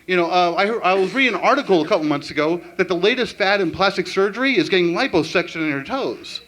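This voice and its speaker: A man performing a stand-up comedy set with an animated, punchline-driven delivery. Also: sits high, quick pace.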